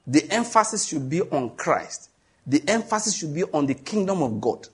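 A Nigerian man preaching a sermon with a Nigerian accent, emphatic, reading scripture slowly and joking with the congregation. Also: on the high side, sing-song, a bit bright, husky.

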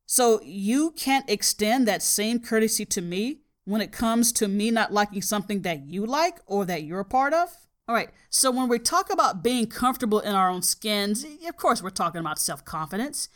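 A woman's voice: on the high side, fairly bright tone. A middle-aged woman hosting a podcast, a college biology teacher from the US South with no regional accent, talking frankly and with dry humor in a casual monologue. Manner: frank, storytelling, dryly humorous.

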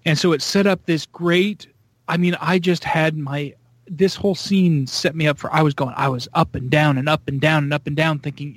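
A man in casual podcast chat, excitable and acting out his own reactions. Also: moderate pace, husky, no room sound. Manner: excitable, acts out his own reactions with big pitch jumps. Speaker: podcast co-host.

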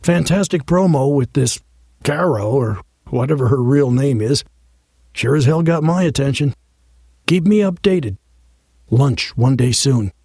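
A smooth, flattering male editor in an audiobook, with a dark, husky tone, as the narrator puts him on. The sound is dry and close. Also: mid-range voice, measured pace, pauses often, dry recording. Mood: glib.

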